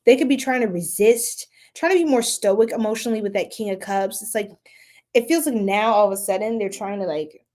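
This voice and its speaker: A young woman doing a casual tarot reading, chatty and animated, often laughing and breaking into loud exclamations. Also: medium pitch, fairly quick. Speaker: tarot reader.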